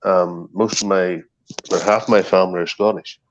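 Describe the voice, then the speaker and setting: A man's voice: deep voice, fairly even intonation, moderate pace. A middle-aged man, chatting casually and profanely on an online call, full of ums and restarts. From Northern Ireland. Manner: rambling, profane, many ums. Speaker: stream co-host. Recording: dull lo-fi call audio.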